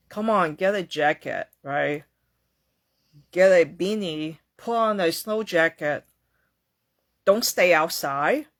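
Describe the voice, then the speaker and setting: A woman's voice: fairly high pitch, a bit bright. Earnest woman giving a mindfulness talk. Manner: earnest, repetitive, acts out quoted complaints. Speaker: host.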